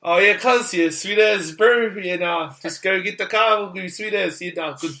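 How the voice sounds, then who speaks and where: A man's voice: sits high, moderate pace, sharp tone, pitched above the performer's own voice. A man voicing a laid-back, slangy male Kiwi bloke caricature in a broad New Zealand accent, with an easygoing drawl. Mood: lazy drawl.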